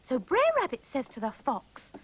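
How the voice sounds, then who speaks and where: A woman's voice: high-pitched, very animated, moderate pace, breathy edge, heavily acted, poor audio. A woman voicing a chatty, bossy young female panda puppet who giggles and schemes. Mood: chirpy scheming. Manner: sing-song, giggly, scheming. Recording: hissy old VHS tape.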